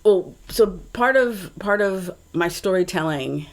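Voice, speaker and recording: A woman's voice: fairly low pitch, animated, measured pace. A woman co-hosting a podcast in casual chat, telling a story with chatty asides. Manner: chatty, reads quotes aloud, trails into asides.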